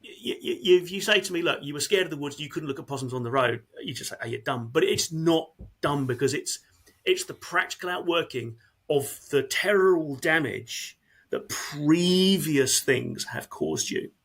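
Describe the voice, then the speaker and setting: Man, emergency-service guest, slightly high husky voice, halting candid talk with frequent restarts. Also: lively intonation, fairly bright tone. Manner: earnest, halting, repeats words often. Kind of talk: candid conversational interview.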